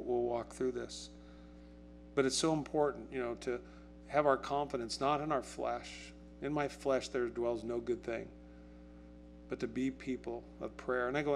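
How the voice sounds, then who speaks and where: A man preaching a sermon as a pastor. He talks conversationally, asks the congregation questions and acts out quotes in a raised, excited voice. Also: medium pitch. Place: church.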